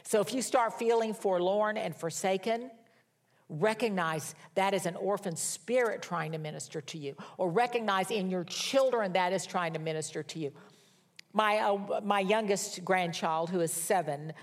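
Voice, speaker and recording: A woman's voice: mid-range voice, moderate pace. An older woman preaching a sermon in a conversational, folksy storytelling manner with wry humor. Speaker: pastor.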